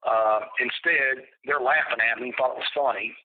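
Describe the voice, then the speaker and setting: A man at an ordinary mid pitch talks down a telephone line, so his voice comes through narrow and tinny. He tells his story bluntly and profanely, in a flat, matter-of-fact way. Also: normal speed, a little hiss or hum. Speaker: interviewee. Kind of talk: recounting a personal story on a phone call.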